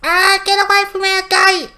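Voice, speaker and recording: Screechy, vengeful little imp for a tabletop game, very high and loud. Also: male voice, flat delivery, moderate pace, heavily acted. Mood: furious. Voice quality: shrill, squeaky. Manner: screeching accusations. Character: small angry male imp, shrill and vengeful.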